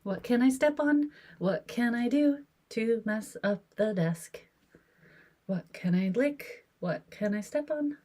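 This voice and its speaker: A woman's voice: fairly high pitch, expressive, slow, dark tone, voice pushed up. A woman voicing her mischievous cat's thoughts as a string of eager, singsong questions.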